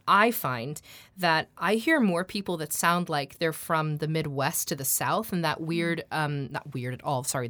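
A woman who is a trained actor and accent coach, chatting animatedly, quick to laugh, and demonstrating sounds as she explains them. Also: low voice, a bit bright, no echo.

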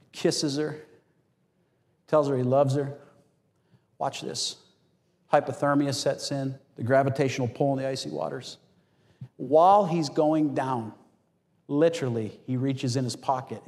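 A man preaching a sermon as pastor, telling stories with animated acted-out quotes. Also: medium pitch, unhurried, long pauses. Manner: animated storytelling, acts out quotes. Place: church hall. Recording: long hall reverb.

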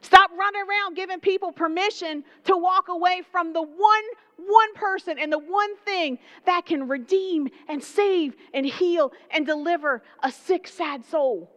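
A woman preacher with a Southern accent, delivering an animated, conversational sermon with playful asides. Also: extremely high pitch, measured pace, few pauses. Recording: dull lo-fi sound.

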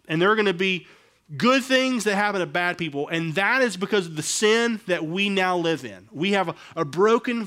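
Animated preacher man, hushed then rising. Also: high voice. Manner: dynamic, swings between hushed and raised emphasis. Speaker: pastor. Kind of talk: sermon.

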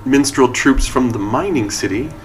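A man's voice: medium pitch, normal speed, distant mic, natural voice. A man voicing a dignified young woman adventurer who speaks formally and reproves others dryly. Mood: reserved.

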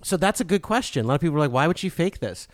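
High-voiced chatty podcast man. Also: rapid-fire, a little hiss or hum. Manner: animated storytelling, swears freely. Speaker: podcast co-host. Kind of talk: casual podcast banter.

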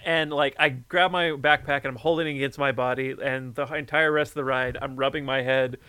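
A man chatting casually, telling a story with lively energy and plenty of swearing. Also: medium pitch, a little fast, clear, resonant tone, dry recording. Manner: animated storyteller, swears freely. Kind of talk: casual chat.

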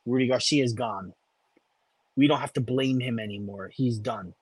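A man's voice: mid-range voice, normal speed, slightly rough, no echo. A man co-hosting a sports podcast, ranting in casual chat and repeating himself for emphasis. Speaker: podcast co-host.

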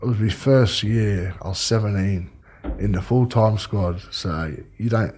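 Low-voiced Australian man telling footy stories. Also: a little slow, a little mellow, a little hiss or hum. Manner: rambling storyteller, swears freely. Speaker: guest, former rugby league player. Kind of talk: casual chat.

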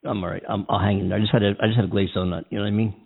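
A man's voice: lowish voice, fairly even intonation, racing, gravelly, breathy edge. A man co-hosting a casual talk radio show, rambling and laughing often. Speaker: co-host. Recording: tinny phone-line sound.

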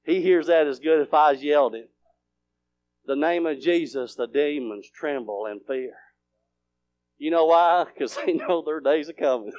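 A man preaching, his voice pitched high for a man. He swings from fervent, rising shouts down to near whispers. The sound is dry and close, with little room in it. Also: moderate pace, no room sound. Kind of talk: sermon.

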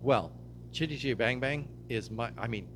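A man's voice: medium pitch, moderate pace. An older man, a pastor, talking casually in an interview, easygoing and laughing often. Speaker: pastor guest. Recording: audible background hum.

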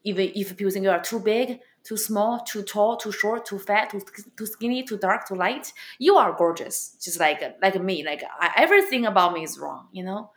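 A woman stand-up comedian and club owner with a non-native accent, answering interview questions bluntly and with animated storytelling. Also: medium pitch, moderate pace, few pauses. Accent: non-native English accent.

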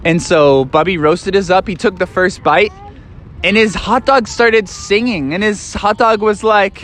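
A man's voice: high-pitched, normal speed, fairly bright tone. Playful man rambling through a bedtime story. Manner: rambling, playful, full of fillers.

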